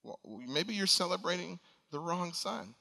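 A pastor delivers a sermon with an earnest, pleading intensity, his bright, forceful voice carrying through a church sanctuary. A long reverb trails each phrase, as from a large hall. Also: high voice, lively intonation, a little slow, creaky. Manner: earnest preaching, rising to emphatic appeals.

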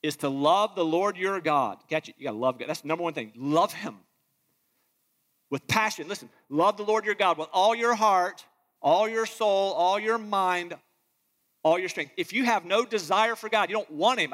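A man with a high voice preaches a sermon from the pulpit. He reads scripture with passion and acts out the voices he quotes, while his words ring out with a long reverb through a large hall. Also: fairly bright tone. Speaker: pastor.

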